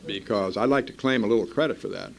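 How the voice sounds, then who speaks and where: An older man with a low, gravelly voice tells his story plainly to a meeting. He is blunt and dryly funny and pokes fun at himself. He grew up in Iowa. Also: fast, noisy background. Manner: blunt, wry, self-mocking. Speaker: speaker at a recovery meeting. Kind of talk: personal storytelling talk.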